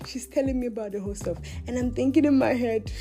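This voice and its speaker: A woman's slightly high voice moves fast over soft background music. As podcast host, she shares a confessional story in a chatty, animated manner, with frequent laughing asides spoken to herself.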